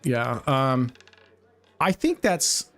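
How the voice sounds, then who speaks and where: A man's voice: mid-range voice, very animated, drawn-out words, a bit bright. A man hosting a casual live stream, telling stories bluntly with heavy swearing, rambling through fillers and restarts. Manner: blunt, heavily profane storytelling. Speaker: roulette livestream host.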